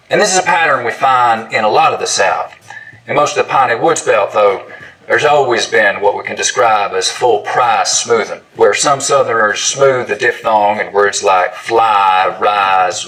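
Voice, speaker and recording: A man's voice: fairly low pitch, bright, forceful tone, rough recording. A man, an accent expert, giving scripted educational narration and modelling sounds and words aloud.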